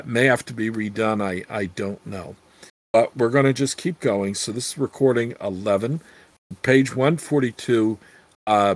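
A man reading a fantasy novel aloud in a casual, unhurried way. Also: mid-range voice, no echo. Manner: unhurried, with fillers and restarts. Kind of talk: casual read-aloud narration.

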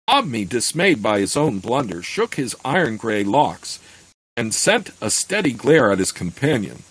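A man reading a fantasy novel aloud in a steady voice, then talking it over with many fillers and restarts. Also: medium pitch, unhurried, slightly rough, no echo, rough recording. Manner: plain steady reading of the narration. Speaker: podcast host reading a novel aloud and discussing it.

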